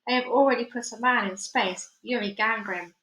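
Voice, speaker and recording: A cold, sneering old mad scientist, a head in a jar, with a thick German accent, as a woman reads him out. The voice sits fairly high and bright, with a disdainful, commanding edge. It rings in an echoey room. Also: fairly quick, close to an everyday voice.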